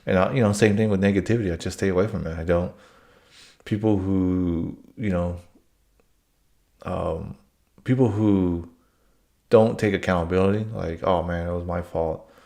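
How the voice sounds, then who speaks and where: Deep gravelly man, blunt and rambling. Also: fairly even intonation, moderate pace, pauses often, dark tone. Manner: blunt, rambling, swears freely. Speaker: aircraft maintainer telling work stories. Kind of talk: casual monologue.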